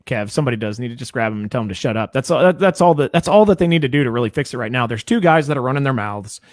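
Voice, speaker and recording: A man co-hosting a podcast in casual chat, joking and animated. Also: mid-range voice, rapid-fire, no room sound, clean studio sound. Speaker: podcast co-host.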